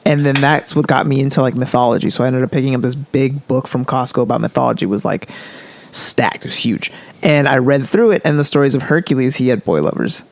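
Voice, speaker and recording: A man's voice: medium pitch, fast, gravelly, a little hiss or hum. A man hosting a podcast in a casual interview chat, enthusiastic and rambling. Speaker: podcast host.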